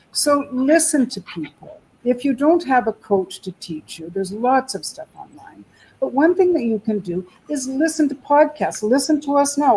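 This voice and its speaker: A woman's voice: medium pitch, warm tone, slightly rough, low-quality recording. A Canadian woman, an accent coach, answering a webinar panel question in an emphatic, rhythmic coaching manner.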